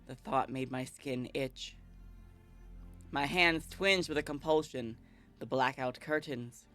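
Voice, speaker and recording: A woman's voice: a bit bright, faint music behind, exaggerated voice. A woman reading as a brooding vampire. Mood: somber. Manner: slow, somber, low reading. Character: guilt-ridden centuries-old male vampire narrator, brooding. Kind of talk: reading a visual novel aloud.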